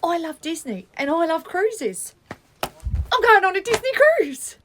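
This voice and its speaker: A woman voicing a shrill, excitable, gossipy female nursery worker in a comedy skit. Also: a little slow, background noise, heavily acted. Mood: giddy. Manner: squealing and excitable.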